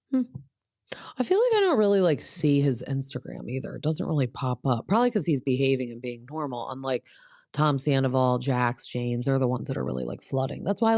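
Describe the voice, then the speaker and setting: A woman's voice: rumbling low, creaky, darkish tone, no echo, clean studio sound. Chatty, sarcastic woman podcast host. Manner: chatty, sarcastic, rambling asides. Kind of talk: casual gossip chat.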